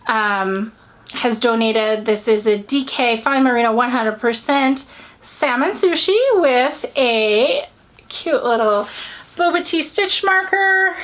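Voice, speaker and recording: A woman's voice: fairly high pitch, fairly bright tone. An American woman hosting a podcast in a loose, rambling, upbeat chat with the odd swear word. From United States. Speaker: podcast host. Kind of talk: casual chat.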